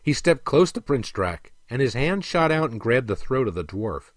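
A man narrating a storybook in an expressive, dramatic reading. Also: medium pitch, normal speed, no echo.

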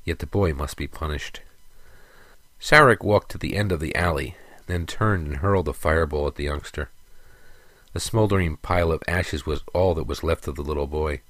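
Casting: male storyteller, very low voice, dry close recording, steady pacing. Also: moderate pace, no echo. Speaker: narrator. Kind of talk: scripted fantasy narration.

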